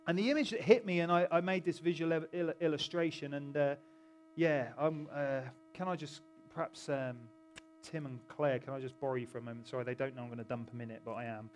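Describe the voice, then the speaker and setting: Speaking briskly in a fairly high voice with fairly even intonation, a middle-aged pastor keeps his church-hall sermon chatty, breaking off to joke with the people listening and interrupting himself.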